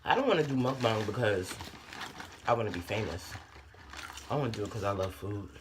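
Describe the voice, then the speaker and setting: A woman chatting casually on a mukbang in a bedroom, animated and slangy, humming over her food. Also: rumbling low, a little fast, a little hiss or hum. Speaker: mukbang co-host. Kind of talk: casual chat while eating.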